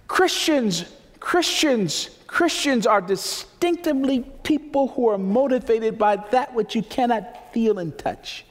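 A man's voice: extremely high pitch, lively intonation, unhurried. A man preaching a sermon as pastor, emphatic, repeating key phrases for effect. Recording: long reverb of a large hall.

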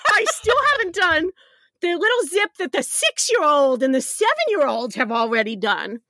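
Lively, animated middle-aged woman storyteller. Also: high voice, normal speed, no room sound, clean studio sound. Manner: animated, laughs often, self-deprecating. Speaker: podcast guest. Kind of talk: conversational storytelling.

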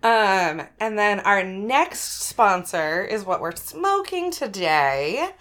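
A woman's voice: medium pitch, sing-song, slow pace, a bit bright. A young woman co-hosting a casual podcast, chatting with a giggly, digressive manner and reading sponsor spots. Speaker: podcast co-host.

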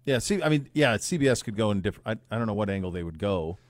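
A man's voice: fairly low pitch, animated, racing, no echo. A man hosting a sports podcast, chatting casually and rambling through his points.

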